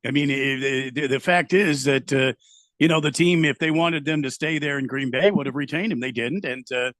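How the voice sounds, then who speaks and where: A man's voice: mid-range voice, normal speed, a bit bright, no room sound. A man, co-host on a sports radio show, chatting in a dry, teasing way. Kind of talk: casual radio banter.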